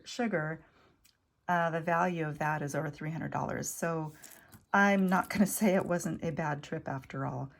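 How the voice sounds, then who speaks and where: A woman chats through her vintage jewelry finds in a relaxed vlog. Her voice sits low and carries a gravelly fry. She sounds eager as she shows each piece, and she sometimes softens almost to a whisper. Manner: chatty, enthusiastic, drops to soft near-whispers over delicate pieces. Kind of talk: casual show-and-tell vlog.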